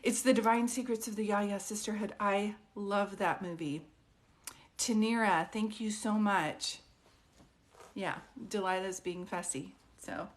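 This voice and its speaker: A woman's voice: medium pitch, measured pace. A woman hosting a casual livestream at home as a psychic medium, chatting and reading viewer comments aloud to greet people by name. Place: at home with her dog. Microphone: phone livestream.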